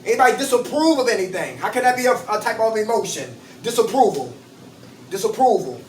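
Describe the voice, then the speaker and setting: A very high-pitched man leads a recovery group, preaching in call-and-response and firing questions at the room. He sounds far from the mic in an echoey space. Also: big pitch swings, a little fast, slight background noise. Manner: preachy, quizzes the group with "what?".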